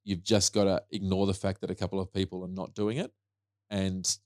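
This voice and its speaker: A man with a fairly low voice co-hosts a podcast and talks through advice point by point. His delivery is explanatory and conversational. The sound is dry and close. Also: flat delivery, brisk, darkish tone, no room sound. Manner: explanatory, lists numbered tips. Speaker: podcast co-host. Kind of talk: casual advice chat.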